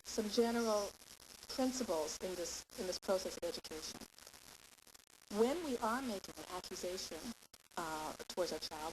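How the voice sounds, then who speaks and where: A woman's voice: medium pitch, brisk. Woman, parenting teacher, mid-range voice, acts out examples, hiss on the tape. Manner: lively, acts out parent and child lines in quotes. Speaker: parenting educator. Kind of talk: live lecture to parents. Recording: steady hiss.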